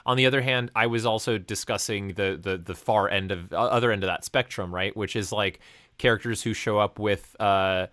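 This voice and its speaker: A man's voice: lowish voice, normal speed, fairly bright tone, dry recording, studio quality. A man hosting a casual chat about tabletop role-playing games, talking thoughtfully with many fillers and restarts. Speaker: game master and channel host.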